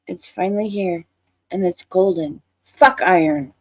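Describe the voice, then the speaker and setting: Slow-talking woman in casual banter. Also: medium pitch, big pitch swings, husky, no echo. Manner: slow, emphatic, profane joking. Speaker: podcast co-host. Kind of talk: casual chat.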